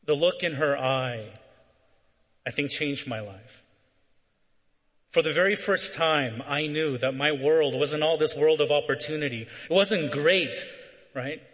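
This is a fairly high, fairly bright male voice preaching a sermon. He's from Southern California and tells a personal story, pausing between phrases for a quick "right?" The sound carries a long hall reverb.

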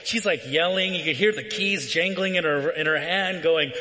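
A man's voice: fairly high pitch, moderate pace, pushed and bright. A man preaching a sermon, telling a personal story and checking in with "right?" between phrases. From Southern California. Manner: storytelling with frequent "right?" asides. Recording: long reverb from a hall.

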